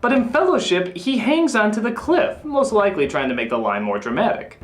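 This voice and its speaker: A man giving a comedic film review in the style of a famous critic, ranting and sarcastic, breaking into sudden high yells. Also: very animated, a little fast. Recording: echoey room with faint music.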